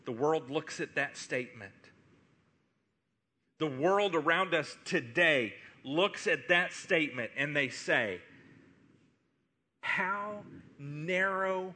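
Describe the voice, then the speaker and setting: A man's voice: fairly high pitch, lively intonation, slow, sharp tone, slight background noise. A man preaching a sermon as pastor, pleading and impassioned, with much repetition.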